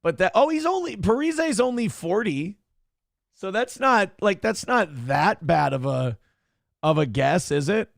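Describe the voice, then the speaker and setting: Minnesota guy hosting a morning stream, gravelly voice, slow and rambly, swears a lot, dry close sound. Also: high-pitched, sing-song, dry recording. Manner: rambling, swears, thinks aloud. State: a little out of breath. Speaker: host of a morning show. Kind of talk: casual live-stream chat.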